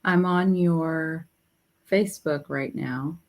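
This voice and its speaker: A man hosting a casual chat, reading social media posts aloud in a measured, deliberate way. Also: on the high side.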